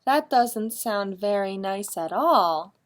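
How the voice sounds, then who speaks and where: A woman voicing a polite, gentle little male cheetah in a storybook read-aloud, with a slow, emphatic delivery. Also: mid-range voice, lively intonation. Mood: earnest.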